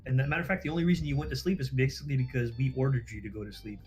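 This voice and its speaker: A man's voice: mid-range voice, steady tone, rapid-fire, a little mellow, soft background music. A man casually telling a story on a livestream, acting out quoted dialogue, swearing freely and laughing at himself.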